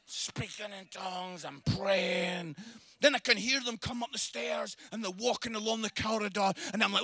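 A man preaching a lively sermon, telling a story with humour and acting out the people in it. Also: high voice, moderate pace, soft background music. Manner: animated, humorous, acts out dialogue.

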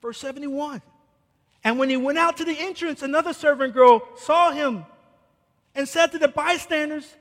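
High-pitched guy preaching a sermon, goes big and loud then drops real quiet, long echo in a hall. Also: normal speed. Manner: dramatic, swings from loud declarations to hushed asides. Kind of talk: expository sermon on scripture.

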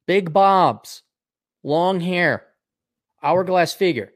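A man's voice: a little high, animated, moderate pace, no room sound, studio quality. A man hosting his own talk show, ranting sarcastically and profanely, rambling with frequent restarts. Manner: sarcastic, profane, mocking voices. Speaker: podcast host.

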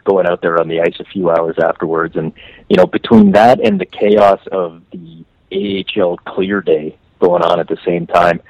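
A man from Canada talking hockey on a podcast, animated and full of restarts, his pitch leaping on stressed words. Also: moderate pace, creaky, dry recording, low-quality recording. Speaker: hockey writer guest. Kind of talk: casual podcast chat.

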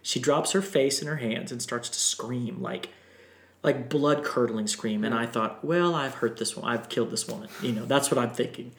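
Male storyteller, animated and emotional, podcast guest, mid pitch, echoey room. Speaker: guest singer. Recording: roomy echo.

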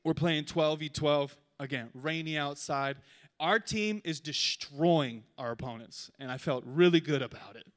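A man preaching a sermon, telling a funny story with animated delivery before he turns to the lesson. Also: a little high, a little slow. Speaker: pastor.

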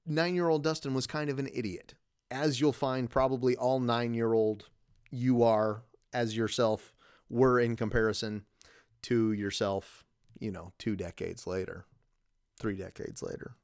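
A man in his thirties rambles through a casual solo podcast episode, often laughing at himself. His voice is smooth and resonant at an ordinary middle pitch. It is recorded dry and close on a podcast mic. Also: fairly even intonation, a little slow, darkish tone, no echo. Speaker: podcast host.

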